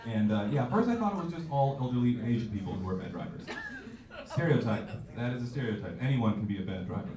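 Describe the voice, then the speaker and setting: A man's voice: medium pitch, lively intonation, fast talker, crowd noise. Brief: twenties male stand-up comic, self-mocking, jumps into voices, roomy distant club audio. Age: 20s. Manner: loose, self-mocking delivery with jumpy acted-out voices. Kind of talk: stand-up comedy set. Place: comedy club stage. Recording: echoey club audio from far off.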